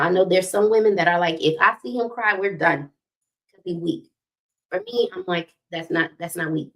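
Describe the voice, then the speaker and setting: A woman's voice: fairly low pitch, gravelly. A middle-aged woman hosting a relationship talk, preaching with faith references, repeating key points and asking "right?" often. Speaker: host of a relationship talk stream.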